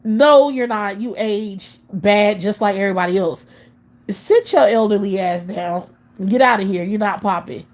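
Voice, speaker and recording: A woman's voice: mid-range voice, a little mellow. Woman host, profane scornful live-stream rant, blunt and repetitive.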